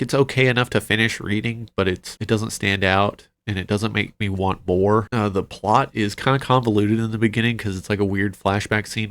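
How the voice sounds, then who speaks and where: A man talking through his month's reading in a loose, rambling vlog, full of fillers and side remarks. His voice sits a little low and has a gravelly fry to it. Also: a bit bright. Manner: chatty, rambling, with frequent fillers and quick asides. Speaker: book channel host. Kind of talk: casual book wrap-up vlog.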